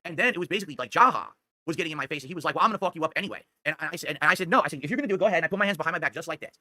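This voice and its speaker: Fast-talking bright-voiced man telling a story. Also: on the high side. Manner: rambling, defensive, keeps asking "okay?". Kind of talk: casual storytelling.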